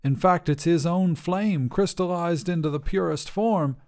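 A man's voice: a little high, measured pace, a little mellow, pitched above the performer's own voice. A man voicing a nervous, sly wizard who pleads and snaps in a raised, strained voice. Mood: pleading. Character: fussy, sly middle-aged male wizard.

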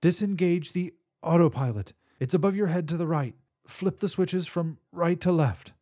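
A man voicing a wounded, calm female starship captain who gives steady, commanding orders. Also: a little high, moderate pace, slightly rough, voice pushed up.

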